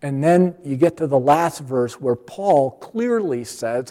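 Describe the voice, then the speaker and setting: Older male preacher, mellow dark tone, storyteller who acts out scenes, recorded in a long-reverb hall. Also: a little slow, hardly any pauses. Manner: storytelling, acts out dialogues with lively pitch jumps. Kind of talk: sermon with acted-out stories.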